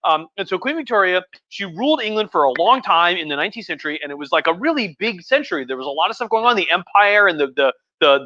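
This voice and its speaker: A man's voice: fairly high pitch, bright, forceful tone, no echo, muffled recording. A drunk male history professor giving a rambling, profane, chatty livestream lecture from home, with many restarts.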